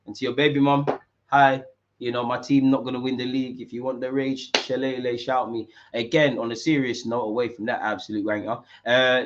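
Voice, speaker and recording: A young man, commentating a football match live with street-slang banter and sudden shouts. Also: medium pitch, muffled recording. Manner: banter-heavy, mocking rival fans in street slang, bursts into shouts at big moments. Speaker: football watch-along streamer.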